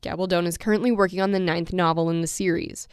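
A woman's voice: on the low side, fairly even intonation, quick pace, clear, resonant tone, dry recording, clean studio sound. A woman radio reporter giving composed, scripted narration.

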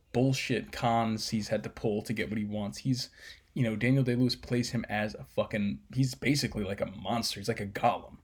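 A man's voice: fairly low pitch, breathy edge. A man casually breaking down a film scene, rambling with fillers and swearing.

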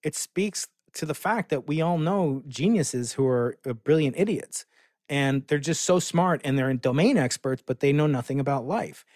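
A man's voice: fairly high pitch, normal speed, darkish tone, no echo, clean studio sound. A middle-aged man talking as a podcast guest, telling a story with enthusiasm and plenty of fillers and restarts. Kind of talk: casual podcast conversation.

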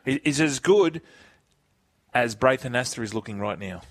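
A man co-hosts a sports talk show in a joking, teasing way, recorded in a dry studio. His voice sits at an ordinary pitch. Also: lively intonation, normal speed, fairly bright tone, dry recording. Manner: joking, teasing questions to callers. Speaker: radio co-host. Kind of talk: casual sports radio banter.

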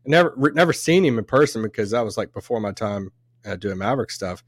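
A man's voice: fairly low pitch, animated, fast talker, no room sound, clean studio sound. A man co-hosting a podcast, telling a rambling story in casual chat with frequent laughs and restarts. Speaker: podcast co-host. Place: event venue, recorded live on site.

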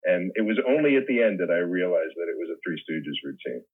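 A very deep, husky man in his sixties tells long, rambling stories as an interview guest. His low voice breaks into chuckles between restarts. It comes through a thin, phone-like line. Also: big pitch swings, fast. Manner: rambling anecdotes with laughter and restarts. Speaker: guest actor. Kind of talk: casual interview storytelling.

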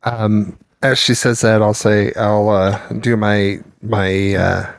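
A man's voice: lowish voice, level tone, slow, gravelly, dry recording, studio quality. A young man playing a tabletop game, speaking politely in character with frequent hesitations. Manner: polite, hesitant, many ums. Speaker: player. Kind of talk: tabletop role-play in character.

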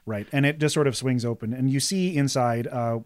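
A man narrating a tabletop game as game master, describing scenes in a steady, detailed way. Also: medium pitch, brisk, no echo, studio quality.

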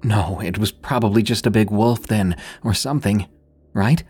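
A man voicing a nervous teenage girl out trick-or-treating in a horror story, high, urgent and timid. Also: moderate pace, a little mellow, breathy edge. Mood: anxious.

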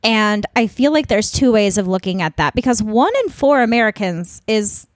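A woman's voice: mid-range voice, expressive, normal speed, no room sound. A woman co-hosting a podcast, talking in an earnest, emphatic way during an impassioned discussion. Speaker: podcast co-host.

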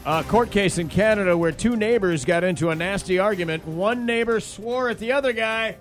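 A man's voice: sits high, fairly quick, faint music behind. A man hosting a morning radio show, reading odd news stories with a playful, chuckling delivery. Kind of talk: jokey radio banter. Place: radio studio.

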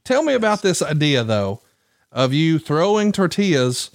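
A man's voice: a little high, big pitch swings, moderate pace, no echo. Podcast host man, dry close sound. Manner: reads excerpts aloud, then banters and laughs. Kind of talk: casual interview chat.

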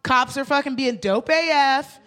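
Comedic female co-host, high-pitched, animated storyteller who curses and acts out every voice. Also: a little slow. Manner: animated, swearing, acting out quoted voices. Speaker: podcast co-host.

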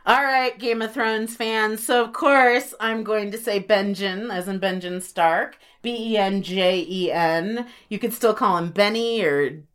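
A woman's voice: medium pitch, unhurried, hardly any pauses, a bit bright, clear, resonant tone. A woman co-hosting a casual podcast chat, playful and jokey, laughing easily. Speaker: podcast co-host.

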